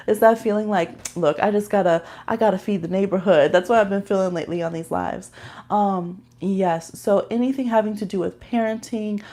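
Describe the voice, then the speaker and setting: A woman's voice: medium pitch, a little mellow. Woman, tarot reader, casual live stream, chatty, laughs often, talks to viewers.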